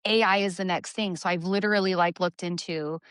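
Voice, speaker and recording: A woman in her forties co-hosting a podcast, emphatic and quick with asides in casual chat. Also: on the low side, fairly even intonation, a bit bright, clean tone, dry recording, clean studio sound. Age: 40s. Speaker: podcast co-host, personal trainer.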